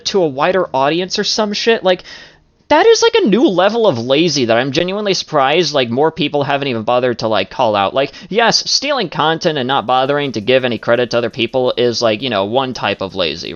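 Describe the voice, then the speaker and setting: Male commentary host, rambling and profane, heavy on fillers; muffled low-fidelity mic. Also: big pitch swings, normal speed, a bit bright. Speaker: commentary YouTuber. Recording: dull lo-fi audio.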